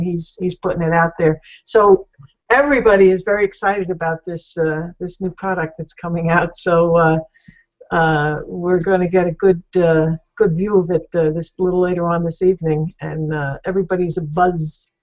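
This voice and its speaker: A woman speaking in a casual online business chat, halting and earnest, with many pauses and fillers. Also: on the low side, steady tone. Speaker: panel guest, entrepreneur. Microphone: video call. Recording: muffled video call audio.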